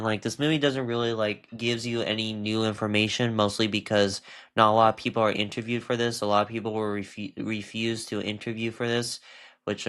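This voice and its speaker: Guy w a stuffy nose rambling about a movie he watched, keeps losing his thread, mid pitch. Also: fairly bright tone. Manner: rambling, loses his train of thought. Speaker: film reviewer. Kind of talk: casual review while ranking a tier list.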